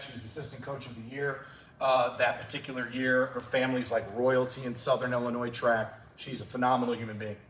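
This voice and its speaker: A man's voice: medium pitch, a bit bright, a little hiss or hum. Emotional male coach telling stories. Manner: emotional storytelling. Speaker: track and field coach. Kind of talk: conference talk. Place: clinic session room. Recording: roomy hall from a distance.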